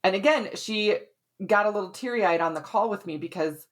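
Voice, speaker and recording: A woman's voice: medium pitch, normal speed. A woman hosting a health podcast as a hormone expert, explaining in a chatty, conversational way and often checking in with "right?".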